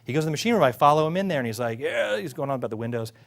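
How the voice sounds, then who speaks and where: Animated middle-aged man telling a story. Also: mid-range voice, very fast. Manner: animated, laughing, acts out quotes. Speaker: executive. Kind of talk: casual anecdote.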